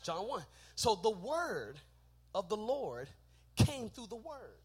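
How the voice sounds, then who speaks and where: A man preaching a sermon, shouting his points and joking with the congregation in a church. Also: high voice, big pitch swings, slow, breathy edge.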